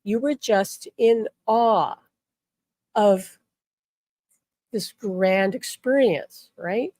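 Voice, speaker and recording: A woman's voice: medium pitch, extremely slow, dark tone, dry recording, clean studio sound. A middle-aged woman giving an earnest, emphatic teaching talk as a spiritual teacher, leaning into key words. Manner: earnest and emphatic, acting out quoted voices. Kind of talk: direct-to-camera teaching talk.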